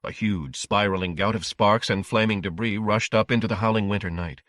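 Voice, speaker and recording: Low-voiced man narrating an audiobook. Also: a bit bright, no room sound, clean studio sound. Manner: measured, dramatic storytelling.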